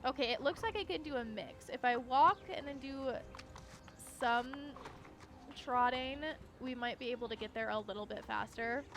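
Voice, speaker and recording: A young woman streaming a game, chatting casually and giggling while she thinks out loud. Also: fairly high pitch, normal speed. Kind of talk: casual gameplay commentary.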